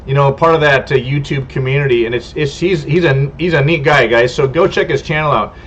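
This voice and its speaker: A man's voice: medium pitch, brisk, breathy edge. A man from California hosting a casual homestead livestream, chatting with viewers in a rambling, friendly way that stumbles over names. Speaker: homestead channel host. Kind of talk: casual livestream chat, reading viewer comments. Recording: dull lo-fi stream audio.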